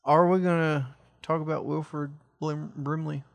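A man's voice: on the high side, steady tone, a little slow, vocal fry, no echo. A male podcast co-host in casual chat, full of profane, teasing banter.

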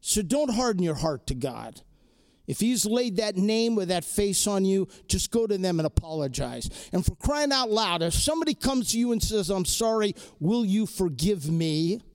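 A man's voice: high voice, very animated, moderate pace. A man preaching a sermon to students and faculty, earnest and exhorting, repeating key phrases and ending in prayer. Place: crowded hall or chapel.

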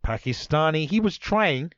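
Lively man hosting a comedy quiz. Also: a little high, moderate pace, dry recording, muffled recording. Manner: playful, teasing, punning. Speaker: quiz host.

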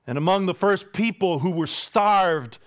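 A man preaching a sermon, building to loud high peaks and dropping to quiet low asides. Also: unhurried. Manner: dramatic, swings from loud rising peaks to low hushed asides.

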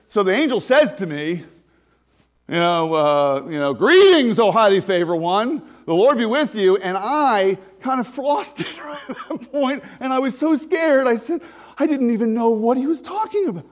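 A man's voice: extremely high pitch, lively intonation, moderate pace, pitched above the performer's own voice. A man voicing a frightened, humble young teenage girl, retelling the moment in a flustered, breathless way.

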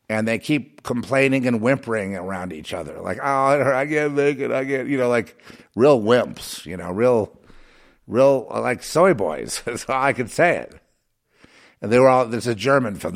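A man in a rambling rant with many restarts and repeated fillers. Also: lowish voice. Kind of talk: ranting commentary.

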